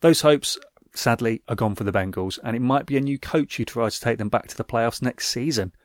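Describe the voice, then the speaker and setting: A man's voice: medium pitch, brisk, dry recording. Dry-voiced man recapping football. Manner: wry, dry asides. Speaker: podcast host. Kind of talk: scripted sports recap.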